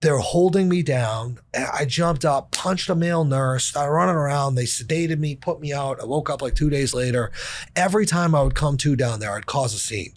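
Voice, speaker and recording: A man in his thirties, a podcast guest, tells a candid personal story in casual conversation, swearing casually and acting out quoted dialogue. His voice is slightly high and his pace normal.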